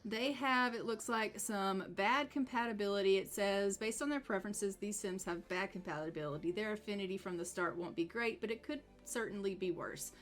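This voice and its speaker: A woman's voice: medium pitch, normal speed, few pauses, faint music behind. A woman casually narrating her gameplay, making up chatty dialogue for the characters as she goes. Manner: voices both characters' dialogue in a chatty, playful way. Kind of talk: casual let's-play commentary.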